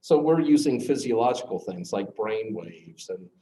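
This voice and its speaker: A middle-aged man teaching a class, earnestly telling a personal story, with his voice dropping low at the hard moments. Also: animated, moderate pace, warm tone. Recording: echoey classroom, faint noise.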